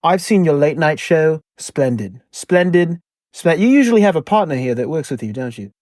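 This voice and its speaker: A man plays an eccentric male superhero who claims to have lived for ages, rambling flamboyantly in shifting put-on accents. His voice sits fairly high and sounds close and dry. It is an improvised comedy podcast. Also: lively intonation, normal speed, darkish tone, dry recording, lightly acted.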